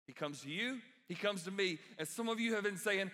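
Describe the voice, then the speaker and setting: High-voiced animated preacher man, bright hall. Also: quick pace, hardly any pauses. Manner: animated, acts out quoted voices, preacherly emphasis. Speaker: pastor. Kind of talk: sermon. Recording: reverberant hall.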